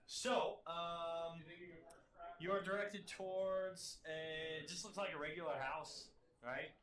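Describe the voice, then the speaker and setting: A man's voice: a little high, fairly even intonation, slow pace, crowd noise. A man narrating as dungeon master, rambling with many fillers. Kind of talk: narrating a tabletop game.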